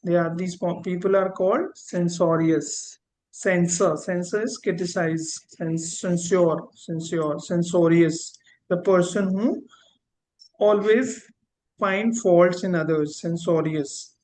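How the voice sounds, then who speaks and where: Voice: mid-range voice, fairly even intonation, takes it slowly, a little mellow, slight background noise, poor audio. A teacher giving a vocabulary lesson, repeating each word and drawing out key terms. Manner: repeats words, spells them out and drags out key terms. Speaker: English teacher.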